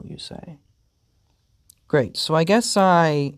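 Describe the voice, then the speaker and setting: A game host giving deadpan, amused playthrough commentary and reading the game's story text aloud. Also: mid-range voice, a little slow, no echo, studio quality. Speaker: gaming video host.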